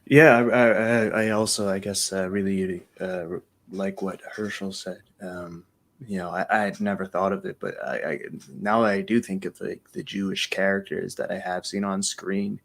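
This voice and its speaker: A man's voice: sits low, level tone, normal speed, vocal fry, a bit bright. A man speaking as a panelist in a discussion, hesitant and full of fillers.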